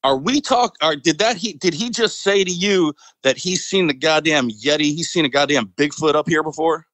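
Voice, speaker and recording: A man's voice: a little high, fast talker, fairly bright tone, no room sound, natural voice. A man imitating a gregarious older male army sergeant with a heavy Southern US accent, drawling and swearing casually. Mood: firm.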